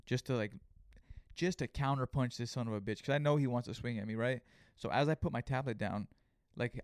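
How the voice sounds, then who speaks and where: Young male podcast host, loose profane storyteller, mid pitch, dry close sound. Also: gravelly, no room sound. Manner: profane, animated retelling with acted-out quotes. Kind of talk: casual storytelling monologue.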